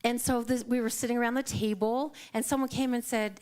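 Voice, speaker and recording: A middle-aged woman speaks to a congregation in a loose, conversational sermon, her voice sitting a little high. She tells personal anecdotes, slips into the voices of the people in them, and laughs easily as she goes. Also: fairly even intonation, brisk, few pauses, a little mellow, clean tone. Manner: storytelling, acts out quoted dialogue, laughs often. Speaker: guest speaker at a Sunday service.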